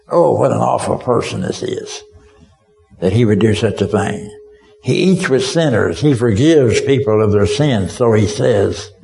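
A man's voice: medium pitch, vocal fry, a little mellow, poor audio. A man preaching a sermon as a vivid story, speaking as a witness and asking his listeners directly whether they can see it.

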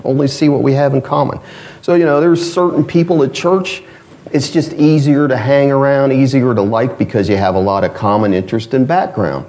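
A man with a northern US accent preaching a sermon. His voice sits at a middle pitch, and he talks in a folksy, conversational way, dropping in asides to the congregation. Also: darkish tone.

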